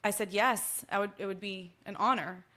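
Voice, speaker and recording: Texan woman, musician guest, casual chat, lively storyteller who acts out the dialogue. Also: mid-range voice, moderate pace.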